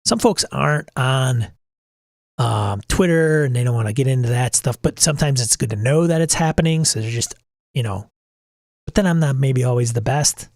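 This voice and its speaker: A man's voice: medium pitch, moderate pace, a little mellow, no echo, studio quality. A middle-aged man hosting a casual livestream talk, blunt and exasperated, swearing casually as he rants. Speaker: podcast host.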